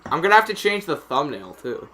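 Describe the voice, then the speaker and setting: A man giving live play-by-play reaction commentary on a hockey game, excitable and getting loud on penalties, with chatty asides between plays. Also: a little high, brisk. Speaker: streamer calling the game.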